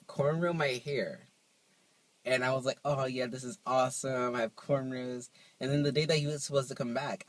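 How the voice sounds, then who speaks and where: A young man chatting to camera in a vlog, telling stories in an animated, playful way, recorded on his phone. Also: mid-range voice, no echo, rough recording. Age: young adult. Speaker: vlogger. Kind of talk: casual chat to camera.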